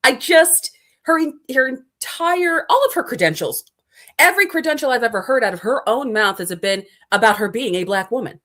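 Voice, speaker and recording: A woman's voice: on the high side, lively intonation, moderate pace, a bit bright. A middle-aged woman co-hosting an opinionated commentary show, sarcastic and mocking. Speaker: co-host.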